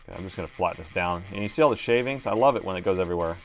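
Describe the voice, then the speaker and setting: A middle-aged man fires off low-pitched, rapid commentary on a live repair stream. At his indoor workbench he chats casually, thinks out loud, and mutters to himself as he works.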